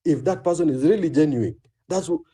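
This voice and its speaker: A man's voice: a little high, brisk, mellow, breathy edge. A Kenyan man giving a blunt, angry speech full of profanity. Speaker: speaker in a live online audio room.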